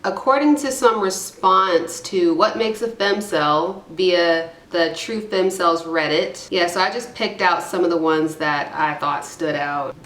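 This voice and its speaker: A woman's voice: lowish voice, a little slow, hardly any pauses, fairly bright tone, echoey room. A woman giving casual, irreverent commentary while reading forum posts aloud, with rambling, self-deprecating asides. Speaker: YouTube commentator.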